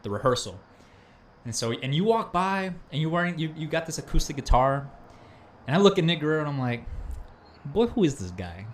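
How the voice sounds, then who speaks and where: Animated young man telling a story. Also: fairly high pitch, fairly quick, slight background noise. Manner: animated storyteller, says bro and dude often. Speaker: podcast host. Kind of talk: casual chat.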